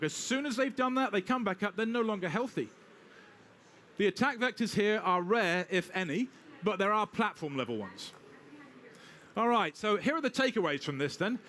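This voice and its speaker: A British man giving a live technical talk with a demo, brisk and wry, talking straight to the audience. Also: high voice, a bit bright. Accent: British English. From Britain. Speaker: technical presenter.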